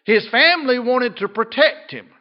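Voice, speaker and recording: An older man preaching a folksy sermon as pastor, rising to loud emphatic lines and dropping to quiet soft ones. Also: very high voice, expressive, moderate pace, muffled recording.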